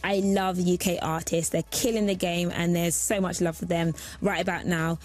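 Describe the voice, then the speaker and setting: A woman's voice: fairly low pitch, steady tone, normal speed. A young woman from England presenting a radio show, introducing songs and segments in a chatty, upbeat way. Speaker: guest radio host. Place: radio studio.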